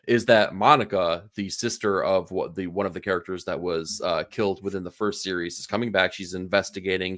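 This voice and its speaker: A man's voice: sits low, dry recording, clean studio sound. A man co-hosting a podcast, casually summarizing a comic's plot with frequent fillers. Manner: relaxed summarizing, hedges with fillers. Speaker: podcast co-host. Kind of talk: casual comic book discussion.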